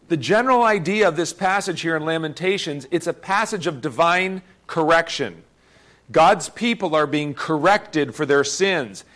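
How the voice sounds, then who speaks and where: A man's voice: on the high side, fairly bright tone. A man preaching a sermon, earnest and emphatic, often repeating words as he presses a point. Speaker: pastor.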